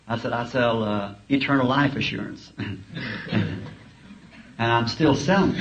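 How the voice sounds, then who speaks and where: A male preacher telling humorous, folksy stories in a sermon, chuckling as he talks. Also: mid-range voice. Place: school auditorium. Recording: dull lo-fi archive tape, faint hiss.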